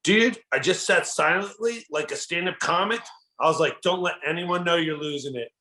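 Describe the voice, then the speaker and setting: A man, a guest comedian, telling a story in animated, enthusiastic casual chat, often saying "dude". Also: sits high, normal speed.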